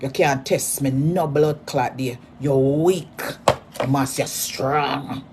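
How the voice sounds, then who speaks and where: A Jamaican woman delivering a mocking, repetitive rant at a rival, hurling insults in sudden loud bursts. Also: extremely low pitch, fairly even intonation, slow pace, background noise. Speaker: social media personality.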